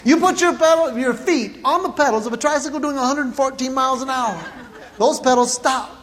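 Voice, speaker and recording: A middle-aged male stand-up comedian telling stories in a playful, animated way, recorded live before an audience in a large hall. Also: very high-pitched, brisk, a little hiss or hum. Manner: animated, playful storytelling with acted-out quotes.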